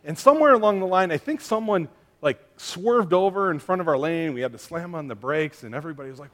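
A man with a fairly high voice preaching a sermon. He talks in a loose, conversational way, full of fillers and asides, and he mixes humor from family stories into his teaching. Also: lively intonation, fast talker, fairly bright tone. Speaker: pastor.

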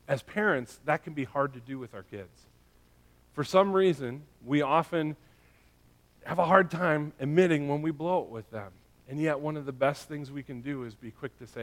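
A man's voice: medium pitch, moderate pace. A male pastor preaching a sermon in a conversational way, often checking in with his listeners by asking "right?" and "okay?".

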